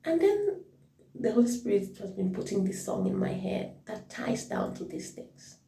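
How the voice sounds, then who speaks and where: A woman's voice: medium pitch, very animated, normal speed, creaky, dark tone, slight background noise. A woman giving an informal devotional talk as a worship leader, reflective and thinking aloud as she corrects herself. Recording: roomy echo, mic at a distance.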